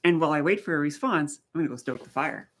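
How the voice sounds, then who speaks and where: A man's voice: a little high, quick pace. Chatty man hosting a live stream. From rural east coast of Canada. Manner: chatty, tells stories and answers viewer comments. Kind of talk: casual live-stream chat.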